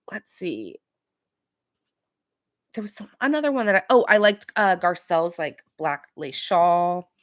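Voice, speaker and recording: A woman's voice: deep voice, no room sound, studio quality. A young adult woman hosting a casual podcast, recapping reality TV in a chatty, gossipy way with sarcastic asides. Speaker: podcast host.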